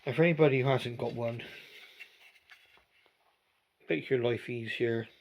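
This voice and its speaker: Gravelly older guy in his 60s, rambly chat about his model trains, filmed on a phone. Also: mid-range voice, a little slow, a little hiss or hum. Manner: chatty and rambling, with gentle asides. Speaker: model railway vlogger. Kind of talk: casual hobby commentary.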